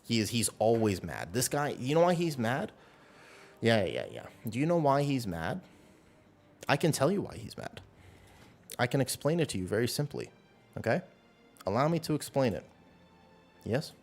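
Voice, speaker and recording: A man streaming a game, calmly talking through his play and chatting with viewers in a relaxed, thinking-aloud way. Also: mid-range voice, moderate pace, long pauses, faint music behind. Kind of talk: live gameplay commentary and casual chat.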